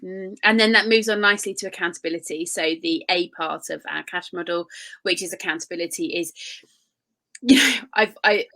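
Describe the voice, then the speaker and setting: A woman's voice: lowish voice, normal speed, sharp tone. A woman coach co-hosting a business podcast, talking casually and earnestly with strong emphasis.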